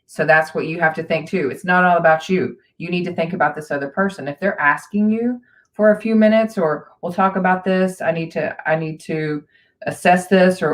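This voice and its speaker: A woman's voice: sits low, low-quality recording. Frank, joking woman co-host. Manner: frank, joking, self-aware asides. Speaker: relationship coach and co-host. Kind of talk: live-stream chat.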